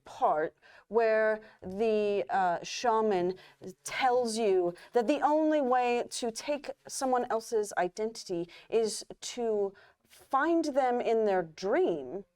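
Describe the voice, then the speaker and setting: A woman player speaking in a drawn-out, mock-formal theatrical manner during improvised storytelling. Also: fairly high pitch, animated, a little mellow, clear, resonant tone, no room sound.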